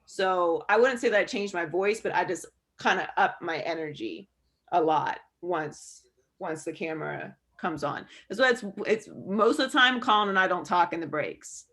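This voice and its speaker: A woman sports broadcaster candidly answering student questions over a video call, relaxed and full of fillers. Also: lowish voice, moderate pace.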